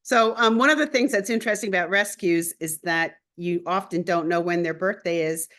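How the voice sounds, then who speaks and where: A woman hosting a casual interview, telling lively stories and laughing often as she talks about astrology and animals. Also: fairly low pitch, brisk. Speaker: host and astrologer.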